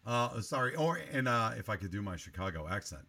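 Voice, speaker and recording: A man's voice: fairly low pitch, sing-song, a little fast, pushed and bright. A man hosting a movie review podcast, critiquing a film in long, analytical, run-on remarks in casual chat.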